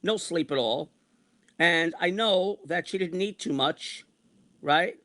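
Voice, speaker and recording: A man's voice: a little high, takes it slowly, sharp tone. Exasperated ranting man in his sixties. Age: 60s. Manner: exasperated, repetitive, venting. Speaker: online streamer. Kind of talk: ranting monologue.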